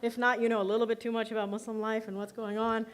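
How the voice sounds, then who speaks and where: A woman's voice: fairly high pitch, flat delivery, fast. A woman filmmaker giving an award acceptance speech, chatty and self-deprecating, laughing often between her words.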